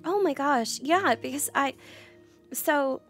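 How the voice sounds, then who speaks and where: A woman from the American South with a mild Southern accent, chatting casually as a streamer, animated, laughing often and restarting her sentences. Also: high-pitched, slow, faint music behind. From Southern United States. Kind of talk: casual chat.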